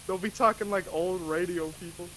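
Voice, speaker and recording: Slightly high-voiced dude goofing around on a game stream, says bro a lot, faint hiss. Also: male voice, fairly quick, a bit bright, poor audio. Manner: joking, calls people bro. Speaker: guest player on a stream. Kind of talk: casual chat while gaming.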